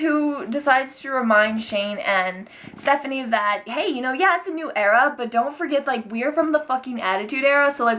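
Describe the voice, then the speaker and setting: A young woman giving a casual, profane, animated vlog recap of a wrestling show, full of fillers and outbursts. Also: a little high. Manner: profane, animated, excitable, fast-talking with many fillers.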